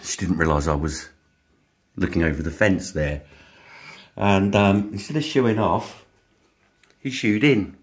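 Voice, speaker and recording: A man, casually telling a story to camera, speaking softly and getting animated when he retells the shouting. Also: low voice, a little slow, long pauses. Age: 50s. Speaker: vlogger.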